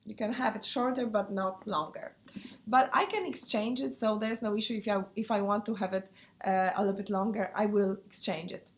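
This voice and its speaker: A woman speaking English in a casual handbag review vlog. She has a cold, so her voice sounds under the weather. She talks in a hesitant, friendly way, and her sentences are dotted with pauses and fillers. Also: mid-range voice, steady tone. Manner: hesitant, many fillers, non-native phrasing. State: sick, voice affected. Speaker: handbag vlogger.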